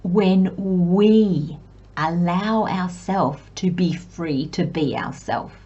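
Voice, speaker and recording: A woman reading tarot for her viewers in a slow, unhurried delivery, her voice soft with a husky edge. She speaks reflectively and with gentle encouragement, sometimes poking fun at herself. The recording sounds slightly muffled and lo-fi. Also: lowish voice. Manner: self-deprecating asides, light giggles. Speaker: tarot reader. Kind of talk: pick-a-card tarot reading.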